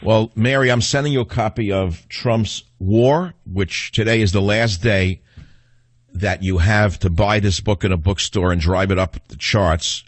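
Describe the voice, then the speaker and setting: A man's voice: lowish voice, steady tone, a little slow, no echo. A man hosting a call-in talk radio show, ranting in a combative, scornful way between calls.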